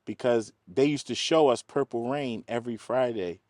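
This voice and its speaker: A man's voice: medium pitch, normal speed, no echo. Guy telling stories in an interview, mid voice, dry close sound, acts out what people said. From East Baltimore, USA. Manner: animated, acts out quoted voices, laughs often. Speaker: film producer, guest. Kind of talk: casual interview storytelling.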